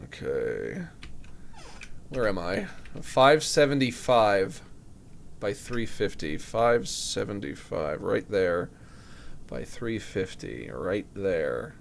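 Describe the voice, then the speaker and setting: A man live-streaming a game, talking casually and joking, breaking into high shouts of disbelief. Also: takes it slowly, creaky. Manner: animated, jokey, bursts into high shouts of disbelief. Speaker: streamer playing a horror game.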